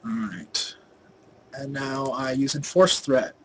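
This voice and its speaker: A young man narrates a game guide in a loose, rambling way, filling gaps with ums and restarting his sentences. His voice sits at an ordinary mid pitch and swings between louder and quieter stretches. Faint game ambience hums underneath. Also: takes it slowly, slight background noise, low-quality recording. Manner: rambling, many fillers and restarts; volume rises and falls a lot. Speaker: gaming video host. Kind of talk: casual game guide voice-over.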